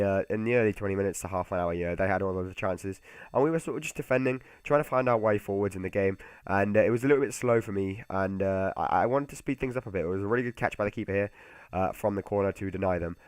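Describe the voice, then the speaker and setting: A young man chats through his football video game session at a brisk clip, stumbling over restarts and fillers as he goes. His voice sits low, and the recording is dry and close with no room sound. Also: darkish tone, clear, resonant tone, no echo. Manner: rambling, many fillers and restarts. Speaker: gaming YouTuber. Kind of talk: casual game commentary.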